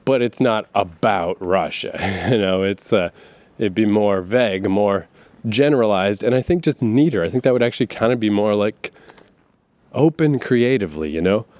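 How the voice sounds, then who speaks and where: Talking at a moderate pace in a fairly low, darkish voice with no echo, a man delivers a loose, profane monologue. He laughs between points and wanders off into asides and filler words.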